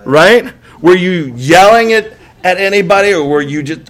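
A man's voice: high-pitched, lively intonation, normal speed. A man preaching a sermon as pastor, conversational, with repeated rhetorical questions and acted-out outbursts. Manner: conversational, acts out exasperated outbursts; frequent rhetorical "right?" and repeated words. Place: church.

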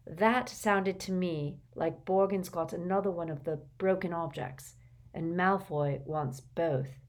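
A stubborn, earnest teenage boy, as a woman reader puts him on, speaking slowly and insistently. He sounds frustrated, pressing his case in an audiobook. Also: lowish voice, close to an everyday voice.

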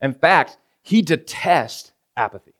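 A pastor with a fairly high, bright, animated voice preaches a conversational sermon at a measured pace. He keeps asking the congregation "right?" and acts out everyday scenes in quoted voices.

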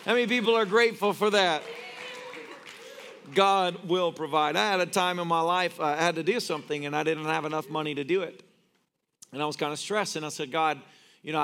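A man's voice: on the high side, creaky, bright, forceful tone. A man preaching a sermon as a pastor, telling stories and cracking jokes. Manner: joking storyteller. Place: church.

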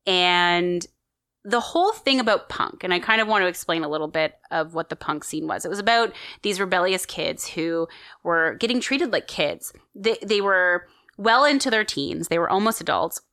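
A woman's voice: lowish voice, animated, normal speed, sharp tone, no room sound, clean studio sound. A woman co-hosting a podcast, chatting enthusiastically as she tells a story with lots of fillers. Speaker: podcast co-host telling a story. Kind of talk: casual storytelling chat.

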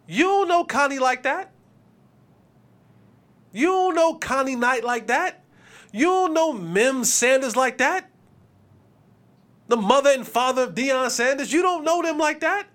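A man hosting a sports podcast, giving opinionated commentary in an animated, preachy way and acting out quotes. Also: very high voice, a little slow, long pauses.

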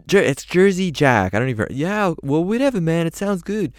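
A man's voice: fairly high pitch, moderate pace, no echo, studio quality, pitched above the performer's own voice. A man doing a laid-back rock guitarist. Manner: relaxed drawl, ends lines with "man".

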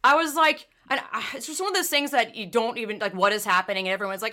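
A young woman chatting casually on a podcast, telling animated stories that burst into loud, profane rants. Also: a little high, fast talker, few pauses. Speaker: former amateur cyclist.

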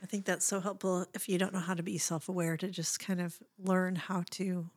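A woman's voice: fairly low pitch, little pitch movement, brisk, no echo. A woman co-hosting a podcast, chiming in with brief, encouraging responses. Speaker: podcast co-host. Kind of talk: casual podcast chat.

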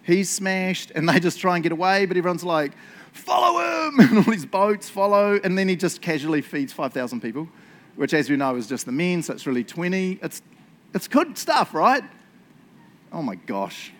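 A man preaching a casual sermon, telling stories in an excitable, chatty way and laughing along. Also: high voice, brisk.

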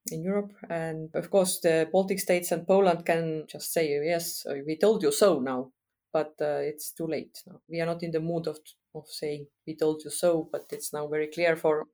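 A middle-aged woman from Estonia, speaking frankly as a guest expert in a podcast interview, pausing often with "uh" as she thinks. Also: sits low, darkish tone. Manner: thoughtful, frank, with frequent uh pauses.

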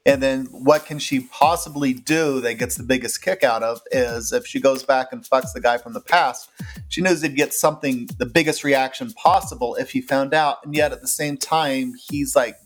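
A man in a relaxed podcast discussion, mid-pitched and talkative, who slips into quoting each character as he recaps. A faint bed of music sits underneath his voice. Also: normal speed. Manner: animated, acts out characters' lines in quotes. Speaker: podcast co-host. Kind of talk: casual book club chat.

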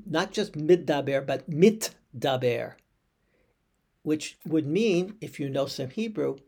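Man, rabbi teaching Torah commentary, slightly high gravelly voice, explanatory and questioning. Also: darkish tone. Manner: explanatory, poses questions to listeners, occasional self-corrections.

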